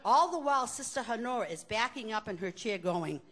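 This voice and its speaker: An older woman spins a story for a live crowd, her voice swooping high and low as she leans into the drama. She keeps it chatty and wry, with sly little asides to her listeners. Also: a little fast. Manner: animated, conversational, chuckling asides.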